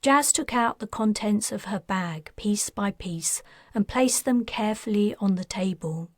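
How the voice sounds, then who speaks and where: A woman narrating her own science fiction audiobook in a measured, even way on a close studio mic. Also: medium pitch, no room sound.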